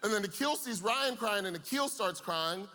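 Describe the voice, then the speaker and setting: A young man giving a camp sermon as an animated storyteller who slips in comic asides. His voice sits high and bright. A long hall reverb trails every phrase. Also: normal speed. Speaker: camp speaker.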